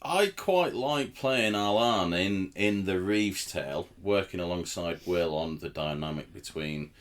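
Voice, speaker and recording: A man actor chatting on a podcast, making dry, deadpan jokes about his roles. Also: sits low, a little slow. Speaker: actor in the company. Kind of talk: casual podcast chat.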